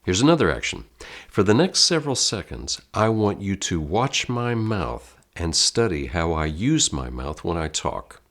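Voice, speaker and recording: A man's voice: low-pitched, sing-song, unhurried, fairly bright tone. A man with an American accent teaching an online acting lesson, speaking directly and theatrically to the viewer as if to a class.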